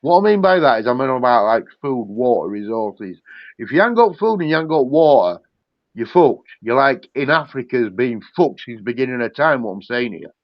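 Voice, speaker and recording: A man's voice: medium pitch, very animated, normal speed, no echo. Man, livestream host, angry profane rant, repetitive, dull lo-fi dry recording.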